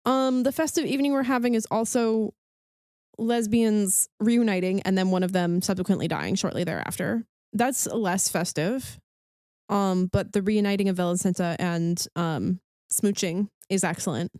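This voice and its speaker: A woman's voice: mid-range voice, normal speed, darkish tone, no echo, studio quality. A woman co-hosting a podcast in casual chat, bubbly and enthusiastic, with lots of "um" and "like". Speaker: podcast co-host.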